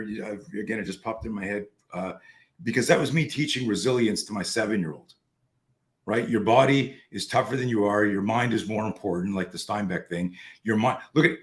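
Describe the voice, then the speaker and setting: A man hosting a podcast over a call, telling a story in a casual, animated way and swearing freely. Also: lowish voice, brisk. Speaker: podcast host.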